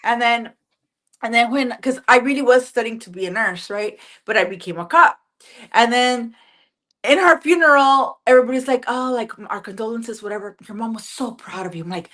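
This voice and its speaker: A woman guest, singer and police officer, chatting casually, animated and full of fillers. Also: a little high, moderate pace. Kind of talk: casual interview chat.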